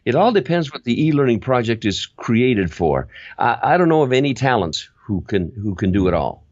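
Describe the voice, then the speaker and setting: An older man and voiceover veteran, chatting in an interview and acting out quick examples as he explains. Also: mid-range voice, no room sound, dull audio. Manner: animated storyteller, acts out examples. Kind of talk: casual interview chat.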